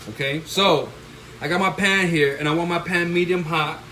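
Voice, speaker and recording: A middle-aged man with a fairly high voice runs a live cooking demo at his stove, recorded on a handheld phone. He coaches the viewer and keeps checking in with "okay?", then breaks into excited whoops. Frying sizzle and kitchen clatter come through clearly under his voice. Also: normal speed, noisy background. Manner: excitable, bursts into loud whoops; coaching, tags lines with "all right?" and "okay?". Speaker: chef hosting a cooking stream.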